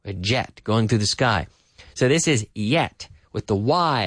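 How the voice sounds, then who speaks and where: A man teaching an English lesson, repeating phrases slowly and then explaining them. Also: medium pitch, big pitch swings, a bit bright, dry recording, clean studio sound.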